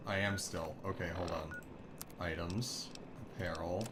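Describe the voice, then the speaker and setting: A man's voice: low voice, fairly even intonation, measured pace, background noise. A man who is a streamer and voice actor, rambling and thinking aloud in casual gameplay commentary.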